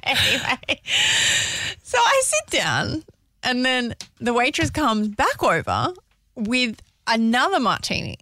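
A woman's voice: on the high side, wildly swooping pitch, takes it slowly, bright, forceful tone. A woman co-hosting a radio show, telling a story with dramatic flair. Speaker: radio co-host. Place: radio studio.

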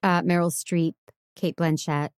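Female co-host, low-pitched, dry wit, confident opinions. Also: little pitch movement, measured pace, clean tone, dry recording. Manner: wry, teasing, opinionated. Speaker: podcast co-host. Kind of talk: casual movie chat.

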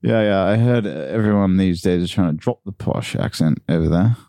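A man's voice: low voice, normal speed, dark tone, dry recording. A young Australian man chatting casually on a podcast, who likes slipping into put-on posh voices while telling stories. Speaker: podcast guest. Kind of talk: casual chat.

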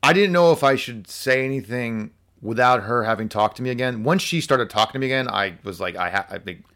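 A man telling a workplace story in casual conversation, animated and full of fillers like "like" and "so". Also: medium pitch, fairly quick. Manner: animated storyteller acting out quotes, many fillers. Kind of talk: casual podcast chat.

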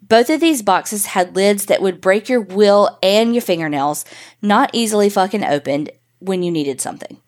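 A woman's voice: mid-range voice, lively intonation, normal speed, a little mellow. Casual, profane woman telling a spooky story. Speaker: podcast host reading a listener story. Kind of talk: first-person story reading.

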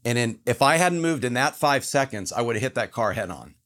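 A man's voice: medium pitch, animated, brisk, fairly bright tone. A man telling a personal story as a podcast guest, earnest and emphatic.

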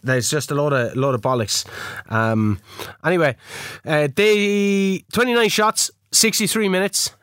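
A man rambles through a game recap with excitable, sweary energy. His voice sits fairly high, and the sound is dry and close. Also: unhurried, clear, resonant tone, dry recording. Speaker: podcast host. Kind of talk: casual gaming podcast chat.

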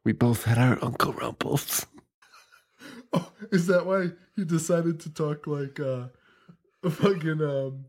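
A young man hosting a casual horror movie podcast, joking, swearing and laughing a lot. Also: fairly high pitch. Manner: animated, laughing, swearing, quick jokes. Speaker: podcast host.

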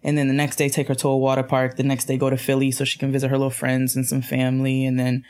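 A young adult woman co-hosting a casual podcast chat, telling stories in an animated way. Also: extremely low pitch, fast. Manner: animated storytelling with laughs. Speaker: podcast co-host.

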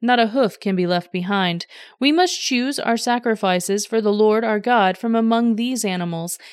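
A woman's voice: medium pitch, normal speed, clean tone, no room sound, studio quality, close to an everyday voice. Moses, resolute prophet, read by a woman. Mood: firm. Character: resolute male prophet leader.

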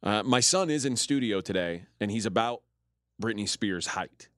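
A man's voice: lowish voice, expressive, normal speed, fairly bright tone, no room sound, clean studio sound. A man co-hosting a sports talk radio show, bantering playfully with his fellow hosts. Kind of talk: casual sports talk chat. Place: radio studio.

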